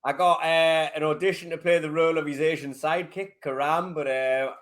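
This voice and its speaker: A man's voice: a little high, fairly even intonation, fairly quick, fairly bright tone. A man with a Geordie accent, a stand-up comedian guesting on a podcast and chatting with self-deprecating humour. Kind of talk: casual podcast chat.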